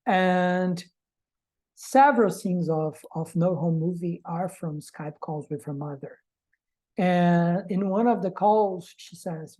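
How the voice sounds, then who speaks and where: A woman's voice: on the low side, takes it slowly, warm tone, rough recording. A woman giving an academic presentation to a reading group, speaking reflectively and posing rhetorical questions.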